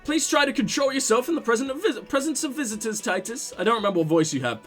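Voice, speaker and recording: A composed middle-aged police lieutenant from a detective game, formal and unhurried, as a man gives him voice. The tone sits higher than most men's, with faint music in the background. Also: animated. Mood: reproachful. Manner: measured and formal.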